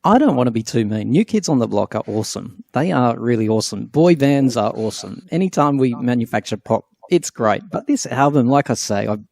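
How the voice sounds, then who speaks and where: A man's voice: medium pitch, lively intonation, a little fast, vocal fry, few pauses, darkish tone, dry recording. A man hosting a podcast, chatting casually and teasing his co-hosts in a playful way. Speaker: podcast host. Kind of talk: casual chat.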